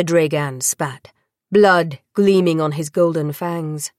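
A woman reading a dark fantasy audiobook in a measured, dramatic narrating style. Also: sits low, dry recording, studio quality. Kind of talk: scripted narration.

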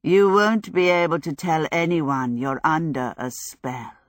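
A woman reading an audiobook, voicing a haughty, menacing witch who talks in a cold, low hush. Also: fairly even intonation, measured pace, dry recording, clean studio sound. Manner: cold, contemptuous, hushed and low. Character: haughty menacing female witch, grand lady. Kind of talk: audiobook character voice.

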